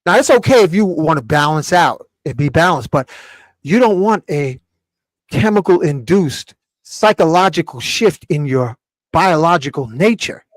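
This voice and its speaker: A man hosting a live talk show, lecturing in an emphatic, animated way. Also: fairly high pitch, normal speed, no room sound. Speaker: show host.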